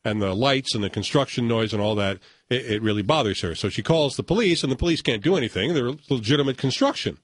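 A man's voice: mid-range voice, animated, fast talker, few pauses, no echo. An older man hosting a radio show, telling stories in casual banter and chuckling as he puts on voices for callers. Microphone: studio microphone.

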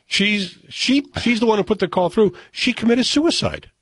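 A man's voice: high-pitched, expressive, normal speed, slightly rough, no room sound. A man hosting a radio talk show, chatting casually in a wry way and reading news items aloud.

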